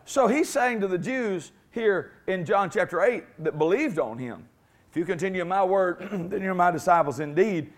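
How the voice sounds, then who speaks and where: A man's voice: high-pitched, animated, moderate pace. A man preaching a sermon with emphatic, repeated phrases and calls for the congregation to respond.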